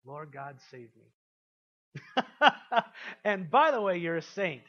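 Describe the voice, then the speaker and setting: A man preaching a sermon to a congregation. He asks them questions and swings from quiet, intimate passages to loud, emphatic ones. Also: on the high side, very animated, moderate pace, muffled recording. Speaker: pastor.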